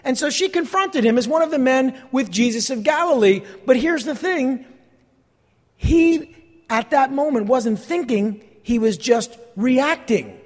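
High-voiced New Jersey pastor preaching. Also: male voice, a little slow. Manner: animated storytelling, rhetorical questions. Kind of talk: sermon. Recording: long hall reverb.

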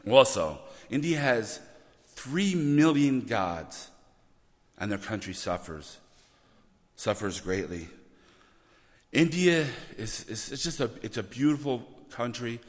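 A man preaching a sermon, animated and often repeating words as he builds to loud emphasis. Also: mid-range voice. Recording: long reverb of a church hall.

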